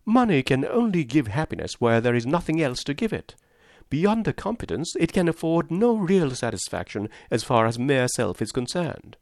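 A man's voice: on the high side, very animated, moderate pace, darkish tone, dry recording, studio quality, pitched above the performer's own voice. A man voicing an impulsive, romantic young woman in an audiobook reading of a classic novel, earnest and exclamatory. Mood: ardent.

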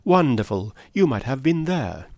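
Man putting on an excitable old colonel. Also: medium pitch, moderate pace, dry recording, natural voice. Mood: amazed. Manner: exclamatory and astonished. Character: excitable older male colonel, horse owner. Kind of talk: audiobook reading of a story.

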